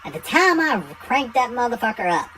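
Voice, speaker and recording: A man tells a true personal story in a relaxed, casual way, blunt and full of profanity. His voice moves up and down a lot as he goes. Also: very high-pitched, normal speed, slight background noise, poor audio.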